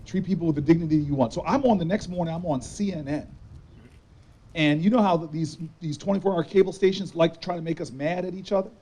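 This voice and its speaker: A man's voice: high-pitched, fairly quick, darkish tone, low-quality recording. A man in his forties from New Jersey, a politician giving a campaign speech outdoors, telling stories with preacher-like repetition. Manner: folksy storytelling with preacher-like repetition.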